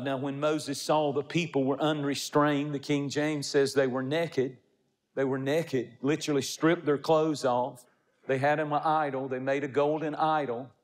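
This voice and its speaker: A man's voice: fairly high pitch, long reverb tail. A man preaching a sermon as pastor, building emphatic, repetitive rhythms.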